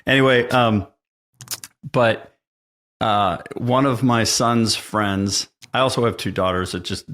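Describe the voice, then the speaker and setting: A middle-aged man telling stories as a podcast guest, animated and laughing often. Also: fairly low pitch, slow. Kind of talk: casual chat, storytelling.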